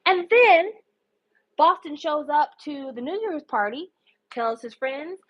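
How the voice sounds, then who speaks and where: A woman's voice: high voice, takes it slowly, dull audio. A woman hosting a podcast, animatedly recapping a show in casual, profane storytelling and indignantly acting out the characters' lines. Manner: animated, indignant, swears freely, acts out quotes.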